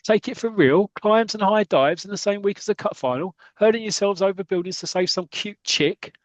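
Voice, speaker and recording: A man voicing a gruff middle-aged football manager who scolds his players with incredulous outbursts. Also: on the high side, quick pace, no room sound, natural voice. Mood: scolding.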